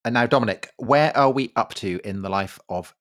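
Man co-hosting a relaxed podcast. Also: medium pitch, normal speed. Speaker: podcast co-host. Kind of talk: casual podcast chat.

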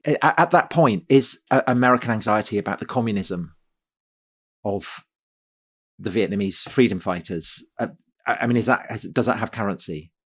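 A man co-hosting a conversational discussion, asking questions with halting, repeated words. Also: lowish voice, slightly rough.

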